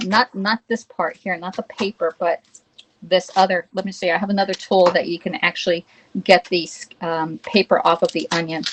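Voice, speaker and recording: A woman's voice: lowish voice, noisy background. A woman hosting a live cooking demo from her home kitchen, chatting to viewers, reading their comments and checking in with "okay?" as she works. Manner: greets viewers and reads chat aloud. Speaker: cooking livestream host.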